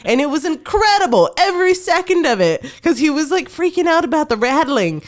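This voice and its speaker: A woman's voice: high-pitched, sing-song, a little fast. A woman co-hosting a podcast, chatting casually, laughing often and talking in slang. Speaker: podcast co-host. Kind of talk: casual chat.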